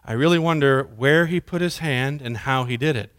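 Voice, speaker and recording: A man's voice: mid-range voice, normal speed, fairly bright tone. A male pastor preaching a sermon in church, earnest and conversational, asking the congregation questions. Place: church sanctuary.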